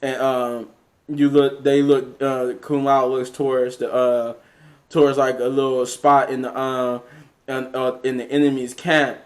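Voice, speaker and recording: A man's voice: medium pitch, little pitch movement, a little slow. A man casually recapping a movie scene by scene, rambling with many fillers and restarts. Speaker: movie reviewer.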